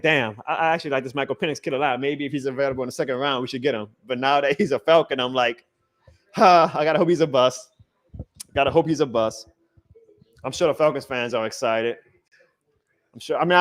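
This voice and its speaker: A man hosting a live reaction stream in a casual, excitable, rambling way, chuckling often as he talks to his chat. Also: a little high.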